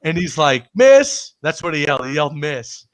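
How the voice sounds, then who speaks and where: A man's voice: on the high side, steady tone, a little fast, pushed and bright. A man co-hosting a casual sports chat, telling a story with frequent laughs. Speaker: podcast co-host.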